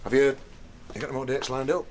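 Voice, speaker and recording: A man's voice: medium pitch, fairly even intonation, fast, noisy background, lightly acted. An actor playing a shy, awkward middle-aged man who stammers as he asks a woman out. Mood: concerned. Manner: hesitant, bashful, stammering.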